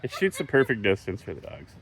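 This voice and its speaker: A woman's voice: rumbling low, sing-song, fast, vocal fry, over music. A woman co-hosting a casual vlog outdoors, making laid-back remarks about the dogs from a distance. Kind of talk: casual chat.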